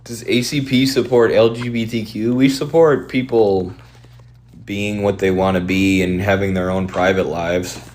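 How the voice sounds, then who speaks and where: A man streaming and answering viewer questions in a quick, offhand, opinionated way. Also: lowish voice, steady tone, a little mellow.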